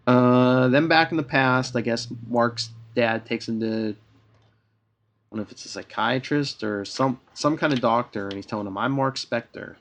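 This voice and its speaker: Podcast co-host, man, gravelly voice, loose chatty retelling full of fillers. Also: mid-range voice, unhurried, fairly bright tone. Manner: retells scenes with filler "uh"s and quoted dialogue. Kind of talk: casual comic book recap.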